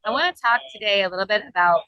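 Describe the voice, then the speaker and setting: A woman's voice: medium pitch, very fast, pushed and bright, smooth, no echo, lo-fi sound. A woman co-hosting a podcast in casual, playful banter, recorded between sessions at a conference. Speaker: podcast co-host.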